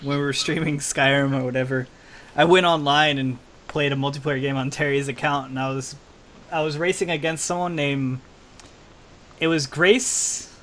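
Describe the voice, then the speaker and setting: A man's voice: a little high, fairly even intonation, normal speed, a bit bright. A young man co-hosting a podcast, telling a story in casual chat with lots of laughter. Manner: laughing, storytelling, loose and joking. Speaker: podcast co-host.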